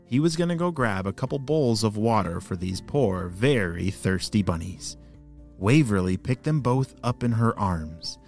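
A man's voice: fairly low pitch, lively intonation, normal speed, vocal fry, darkish tone, faint music behind. A man hosting a children's story podcast, narrating in an enthusiastic, playful way.

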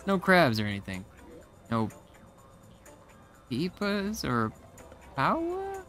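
Hungry beach-dwelling game character, friendly bro talk, animated delivery; a man reads the lines. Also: mid-range voice, normal speed, faint music behind, close to an everyday voice. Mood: chummy. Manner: casual, chummy, calls everyone bro. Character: hungry homeless male NPC stuck on a beach. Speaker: video game character read aloud.

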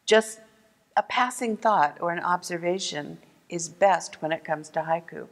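A gentle, clear woman leads a lesson for children, slowing down to sound out each word. Her voice sits a little low for a woman, and it rings with a long echo around the room. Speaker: museum art educator. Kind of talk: instructional video lesson for kids.

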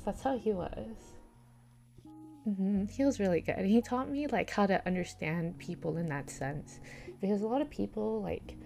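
Her voice is mid-range, gravelly and warm as this young livestreamer chats casually and rambles, filling her speech with fillers. She reads chat aloud, greets viewers, and now and then seems near tears.

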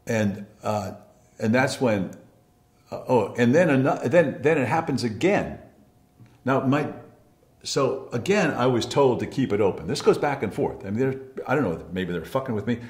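Older man, candid storytelling, swears a lot, restarts sentences, lively up-and-down pitch, roomy echo. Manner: profane, blunt, with frequent restarts. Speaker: interviewee recalling past.

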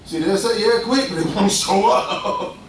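A young man preaching a lively, conversational sermon, acting out voices and laughing often. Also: high-pitched, unhurried, slight background noise. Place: church. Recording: echoey distant room sound.

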